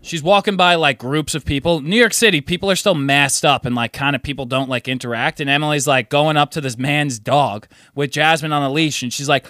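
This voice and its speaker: Bright, kinda high-voiced guy telling a messy story, swearing, dry close mic. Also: fairly quick, hardly any pauses, no echo. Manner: animated storyteller, swears freely, acts out friends in high voices. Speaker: podcast co-host. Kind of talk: casual storytelling chat.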